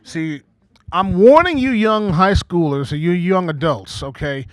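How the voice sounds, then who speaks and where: A man's voice: high voice, expressive, unhurried, dry recording. A man over forty doing a stand-up comedy set as emcee, talking conversationally with frequent "okay?" asides and acting out quoted voices. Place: small community TV studio stage before a live audience.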